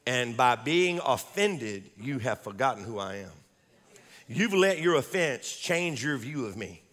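A man voicing Jesus as a calm, gentle man who is gently rebuking, in a low, quiet, measured voice. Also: long reverb tail.

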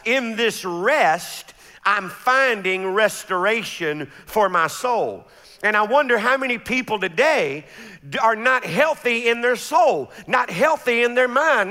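High, bright-voiced man preaching in a hall. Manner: preaching with repeated stammered restarts and drawn-out scripture readings. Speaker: pastor. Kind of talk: sermon.

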